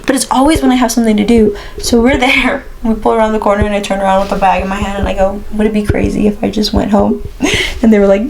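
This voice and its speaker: A woman's voice: medium pitch, flat delivery, fast talker, few pauses. Young woman, podcast co-host, giggly storyteller, chatty, faint hiss behind. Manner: giggly storyteller, many likes and restarts. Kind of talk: casual chat.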